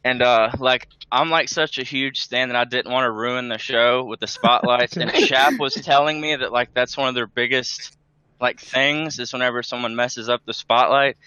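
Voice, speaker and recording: A man's voice: mid-range voice, steady tone, moderate pace, pushed and bright, clear, resonant tone, no room sound, highs cut off. A man on a casual group voice call, eagerly telling a story full of "like" and "dude". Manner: chatty, eager storyteller, says "like" and "dude" a lot. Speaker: call participant, former stagehand.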